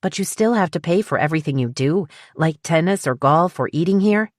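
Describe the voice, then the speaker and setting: A woman's voice: deep voice, lively intonation, fairly quick, no room sound, clean studio sound. A woman voicing a thrifty middle-aged mother who questions every cost with disapproval. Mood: skeptical.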